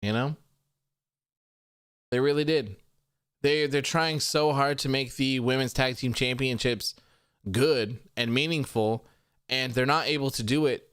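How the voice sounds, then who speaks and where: A man's voice: mid-range voice, fairly bright tone, smooth, no room sound, studio quality. A man hosting a live wrestling stream in casual chat. He reads viewer comments aloud and reacts offhandedly, swearing freely.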